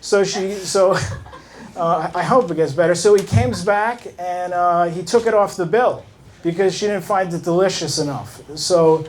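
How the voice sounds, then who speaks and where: A man doing a stand-up set in a comedy club, halting and awkward with many fillers and restarts. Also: high-pitched.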